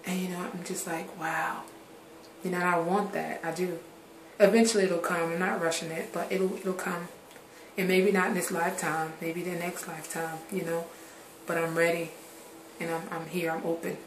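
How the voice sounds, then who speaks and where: A woman's voice: on the low side, level tone, normal speed, a little hiss or hum. A grown woman vlogging candidly to her viewers. She drifts from subject to subject and swears casually. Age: adult. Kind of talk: candid personal vlog talk. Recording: roomy echoey recording.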